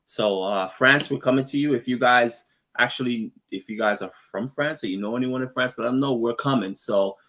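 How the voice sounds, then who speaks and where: A man's voice: medium pitch, normal speed, hardly any pauses, fairly bright tone. A man co-hosting a casual travel live stream, chatting, laughing often and reading out viewer comments. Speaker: travel vlogger co-host.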